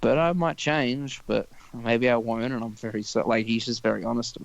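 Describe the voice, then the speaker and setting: A man's voice: medium pitch, steady tone, normal speed, vocal fry, dry recording, muffled recording. A young man hosting a casual podcast chat, rambling and profane, often stopping and restarting his thoughts. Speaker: podcast host.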